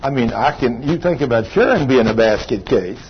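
A man preaching a sermon in a conversational, animated way, rising high for emphasis. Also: a little fast. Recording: muffled lo-fi recording with background noise.

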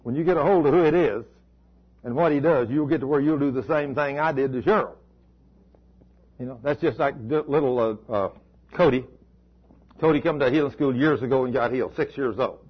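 A pastor preaching a sermon in a folksy, emphatic way that repeats key words, on a dull lo-fi recording. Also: male voice, fairly high pitch, husky. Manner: folksy storytelling, emphatic repetition.

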